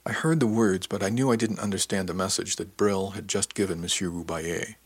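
A man giving a measured, introspective first-person audiobook narration. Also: sits low, fairly even intonation, breathy edge, no echo.

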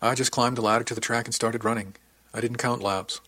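A man's voice: medium pitch, fairly even intonation, fairly quick, sharp tone, dry recording. A man narrating a first-person audiobook in a plain, earnest storytelling manner.

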